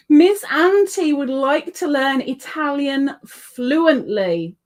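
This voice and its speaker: A woman hosting a casual livestream, chatting, reading viewer comments aloud and laughing often. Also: high voice. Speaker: livestream host.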